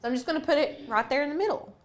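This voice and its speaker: A woman's voice: high voice, rapid-fire. Chatty woman teaching a craft tutorial. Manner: chatty, playful, thinks aloud. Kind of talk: casual screen-share tutorial.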